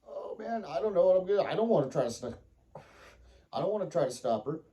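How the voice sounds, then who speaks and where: A man telling a casual personal story, animated and laughing, acting out his own panicked thoughts. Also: high voice, fast, husky.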